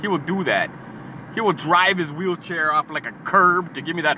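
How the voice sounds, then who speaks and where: A man's voice: fairly high pitch, expressive, moderate pace, pushed and bright, rough recording. A man delivering a heated, profane comedic rant, rambling and repeating himself. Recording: street recording with traffic noise. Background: passing cars.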